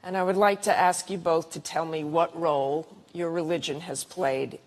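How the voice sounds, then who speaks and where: A woman's voice: deep voice, big-room sound. Woman moderator in a debate, keeps pushing the same question, on stage. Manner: presses with repeated direct questions.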